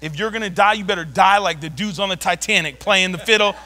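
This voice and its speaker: A man pastor preaching a sermon, telling a personal story in an animated way, often shouting and laughing. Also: sits high, fast talker. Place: church.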